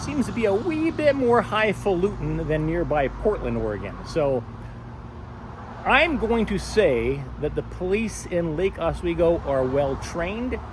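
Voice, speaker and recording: A man doing on-camera commentary while filming in public, sarcastic and wry, halting with many fillers. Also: a little high. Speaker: first amendment auditor filming in public. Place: public sidewalk outdoors. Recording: outdoor street noise. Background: street and traffic noise.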